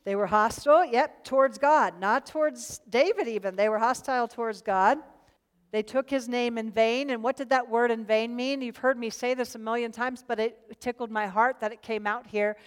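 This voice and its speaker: A woman's voice: a little high, steady tone, normal speed, few pauses, in a large hall. A woman leading a group Bible study, speaking earnestly, repeating words as she starts a thought and putting questions to the group.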